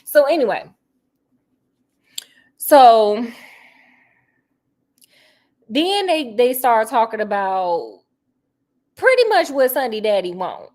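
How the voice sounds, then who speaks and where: Casual cooking vlogger: woman, bit high-pitched, sassy running commentary. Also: big pitch swings, takes it slowly, pauses often, darkish tone. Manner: sassy, chatty, full of asides like honey and girl. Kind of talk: casual chat while cooking.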